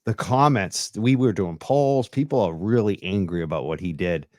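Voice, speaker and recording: A man's voice: on the low side, moderate pace, darkish tone, dry recording, studio quality. A man hosting a livestream podcast, eagerly backing up his guest. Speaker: host.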